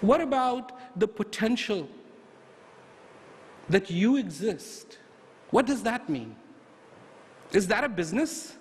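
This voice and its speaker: A man delivers a motivational talk in an emphatic, storytelling manner, full of rhetorical questions. His voice is high and swings widely in pitch. He is recorded in a reverberant hall with faint ambience behind him. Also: expressive, takes it slowly, long pauses. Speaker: motivational speaker.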